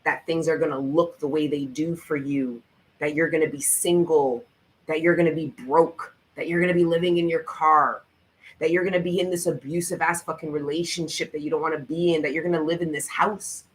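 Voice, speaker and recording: A man's voice: fairly high pitch, fairly even intonation, a little fast, poor audio. A man giving a tarot reading in a vlog, speaking in an emphatic, profane, motivational way and repeating his encouragement with fervour. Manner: repetitive, fervent encouragement. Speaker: tarot reader.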